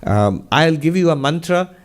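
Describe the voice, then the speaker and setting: A man's voice: a little high, animated, unhurried, voice pushed up. Stern wandering holy man, raised and emphatic, told by a man. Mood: earnest.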